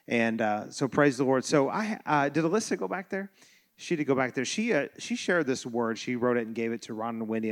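A man preaching a sermon as pastor, loose and joking, with many restarts. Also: mid-range voice. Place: church sanctuary.

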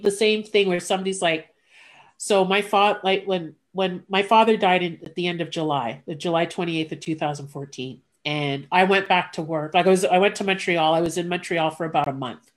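A woman's voice: on the low side, brisk. Candid chatty woman telling a story. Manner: candid, animated retelling with quoted voices, blunt. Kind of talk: casual conversation, personal storytelling.

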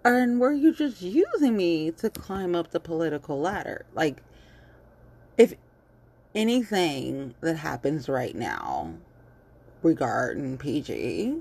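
A woman giving a blunt, animated casual commentary monologue on local politics, swearing freely. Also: deep voice, gravelly, slight background noise.

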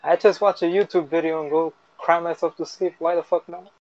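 A man's voice: a little high, steady tone, brisk, darkish tone. Blunt young man on muffled call audio. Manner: blunt, profane, joking denials. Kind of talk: casual group chat.

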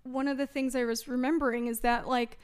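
High, smooth-voiced woman in casual chat. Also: little pitch movement, fairly quick. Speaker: podcast guest.

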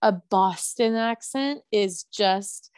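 A woman's voice: mid-range voice, takes it slowly, a little mellow, smooth, dry recording. A woman co-hosting a casual chat podcast, gushing and giggly. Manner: gushing, giggly, says "oh my God" a lot. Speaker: podcast co-host.

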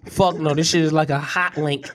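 A Southern US man with a high voice co-hosts a loose comedy chat. He tells crude stories with a lot of energy and acts out every quote. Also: moderate pace. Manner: crude, animated storytelling with acted-out quotes. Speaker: podcast co-host.

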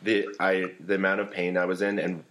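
A man's voice: low voice, level tone, a little fast, fairly bright tone. A man in casual chat, telling a self-mocking story in a laid-back way.

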